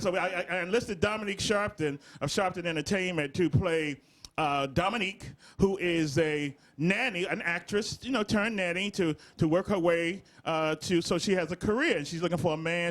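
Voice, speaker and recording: A man's voice: sits high, moderate pace, a bit bright. A middle-aged man from the Southern United States, a comedy writer chatting in an interview and telling stories with frequent laughter. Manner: laughing storyteller, breaks into laughter. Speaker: comedy writer and show creator. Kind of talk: casual interview chat.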